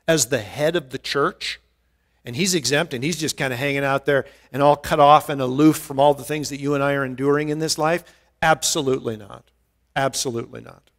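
An American male pastor teaches the Bible verse by verse in an earnest way. He often restarts his words, and to stress a point his pitch and volume rise.

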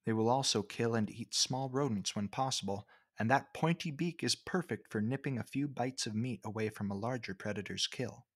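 A man's voice: mid-range voice, moderate pace, few pauses, husky, no echo. Man narrating in a dry close voice-over. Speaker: birding video narrator. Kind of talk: scripted narration.

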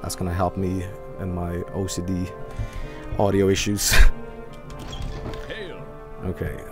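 A man's voice: deep voice, monotone, slow. A tired man streaming a game, rambling casually and reading game text aloud. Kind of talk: casual gameplay commentary. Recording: game music underneath.

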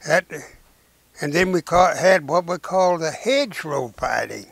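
A very old man with a gravelly voice, pitched a little high, tells his war memories very slowly. He stops often with "uh" and starts his sentences over. He was recorded close to the mic in a dry room. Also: expressive, a bit bright, no echo. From Arkansas, United States. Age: 90s. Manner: slow, halting storytelling with many "uh"s and restarts; folksy rural speech. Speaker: war veteran and preacher. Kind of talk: recounting memories in an interview.

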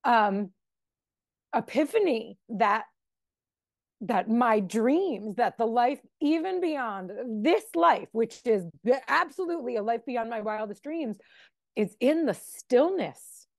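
A woman's voice: on the high side, lively intonation, takes it slowly, gravelly, no echo, studio quality. A woman in her forties giving a candid, emotional personal recovery testimony at a meeting. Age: 40s. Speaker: member sharing at a recovery meeting.

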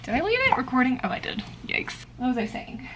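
A woman's voice: sits high, sing-song, brisk, heavy background noise. A woman chatting casually in a home vlog about books and her day, using lots of "like". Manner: chatty, filler-heavy, lots of "like". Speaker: book vlogger.

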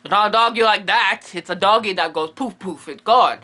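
A man's voice: high voice, fairly quick, pushed and bright. A man hosting a comedic monster explainer, rambling in a playful, goofy way full of silly asides. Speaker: comedic host playing a medium.

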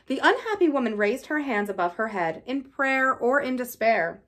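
A woman reading a novel aloud in an expressive, lively style. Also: a little high, normal speed, hardly any pauses. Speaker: reader.

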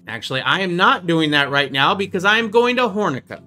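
A man with a high, bright, forceful voice gives casual gameplay commentary as the show's host. He is chatty and playful and pokes fun at himself. Faint music plays underneath him. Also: expressive, brisk, few pauses. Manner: chatty, playful, jokes at his own expense. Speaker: gaming video host.

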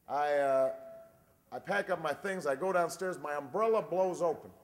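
A man in his forties giving a campaign speech, telling a dry, wry story and then building to a shouted rallying close. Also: a little high, slight background noise. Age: 40s. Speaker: presidential candidate. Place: large convention hall. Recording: long reverb of a big convention hall.

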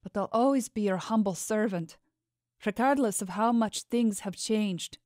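Audiobook role: a timid young servant woman, pleading and anxious, high-pitched, voiced by a woman narrator. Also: normal speed, darkish tone, no room sound, studio quality, natural voice. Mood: fearful pleading. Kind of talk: audiobook character voice.

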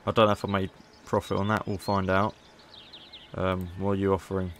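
A man's voice: deep voice, completely flat delivery, brisk, a little hiss or hum. A man casually commentating gameplay as a YouTuber, chatty and playful. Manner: chatty, playful, haggling asides. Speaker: gaming YouTuber.

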